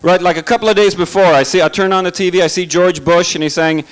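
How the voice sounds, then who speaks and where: A man's voice: high-pitched, fairly even intonation, quick pace, few pauses, clean tone, low-quality recording. A man doing a stand-up comedy set in a club, sarcastic and chatty, asking the crowd questions.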